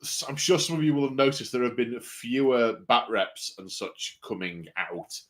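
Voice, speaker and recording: A man's voice: medium pitch, animated, normal speed. A man hosting a casual hobby livestream, rambling and self-mocking with lots of fillers. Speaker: hobby channel host.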